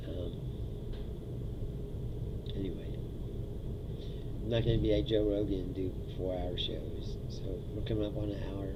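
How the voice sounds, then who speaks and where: A man's voice: on the low side, lo-fi sound, very noisy. A man hosting a casual solo livestream, sardonic and profane, laughing often at his own jokes. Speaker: livestream host. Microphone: streaming setup mic.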